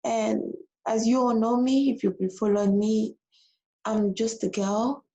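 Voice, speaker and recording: Woman vlogger, casual emotional story, mellow gravelly voice. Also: a little high, unhurried, poor audio. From abroad. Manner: animated, repeats herself.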